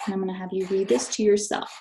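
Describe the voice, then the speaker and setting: A woman's voice: medium pitch, level tone, very fast, creaky, mellow, a little hiss or hum, low-quality recording. A woman teacher giving a recorded math lesson to third graders, patient and encouraging, speaking straight to her students.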